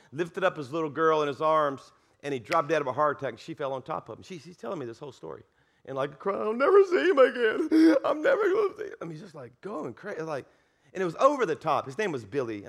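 A pastor with a Southern US accent telling a lively, self-mocking story during a sermon. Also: male voice, on the high side.

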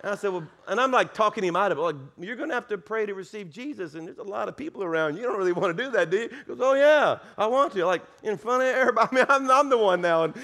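A Southern man preaching from the pulpit, spinning a story with a lot of self-mocking humor. His voice sits fairly high and swings up and down as he acts out every beat. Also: lively intonation, rapid-fire, hardly any pauses, pushed and bright. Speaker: pastor. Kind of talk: sermon storytelling.

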